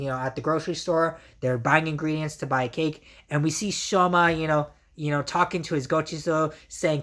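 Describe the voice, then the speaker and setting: A woman's voice: deep voice, fairly bright tone. A woman recapping a TV episode in a casual, rambling way, full of fillers and restarts. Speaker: reviewer.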